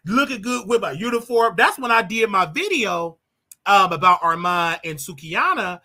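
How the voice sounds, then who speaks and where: A man hosting a live call-in show, chatting in an animated, slangy way and laughing often. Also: high voice, moderate pace. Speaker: show host.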